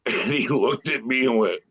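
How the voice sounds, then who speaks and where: A man's voice: medium pitch, unhurried, fairly bright tone, dry recording, lo-fi sound. A laid-back man telling a story as a guest on a fan roundtable, laughing as he goes. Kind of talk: casual storytelling.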